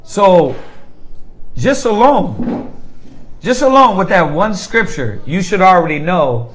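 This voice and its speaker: A man with a high-pitched voice teaches a Bible class. He keeps asking the room questions and waits for answers, then acts out everyday scenes to drive each point home. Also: takes it slowly, slight background noise, low-quality recording. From United States. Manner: call-and-response questioning, animated acted-out examples.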